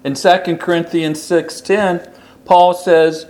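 A man preaching a sermon, slow and deliberate, repeating key phrases for emphasis. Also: sits high, little pitch movement, darkish tone.

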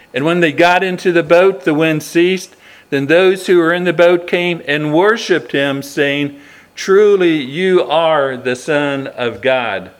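A man delivers a sermon at an unhurried pace. His voice sits a little high for a man, and he asks the listeners questions, often restarting a phrase before pressing on. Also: fairly bright tone. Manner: slow, earnest, with rhetorical questions and restarts. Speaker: preacher.

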